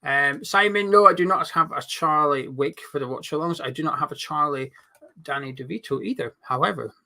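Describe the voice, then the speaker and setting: A man's voice: on the high side, brisk, gravelly, pushed and bright. A man hosting a live fan watch-along stream, chatting casually and reading out viewer comments. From not from England. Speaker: host of a fan channel.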